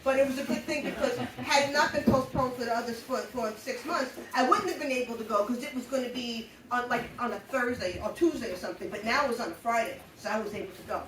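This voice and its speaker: Middle-aged New woman, high and animated, live storyteller heard from a distance in an echoey room. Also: fast talker, hardly any pauses, a little hiss or hum. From New York. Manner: animated, laughing often, blunt and salty. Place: live show venue. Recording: roomy echo, mic at a distance.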